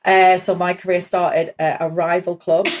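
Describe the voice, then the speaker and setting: A woman's voice: on the low side, little pitch movement, moderate pace. A woman with a Geordie accent, a guest on a podcast, chatting casually and telling her story with easy laughs. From Newcastle, England. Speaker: podcast guest, former footballer. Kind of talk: casual interview chat.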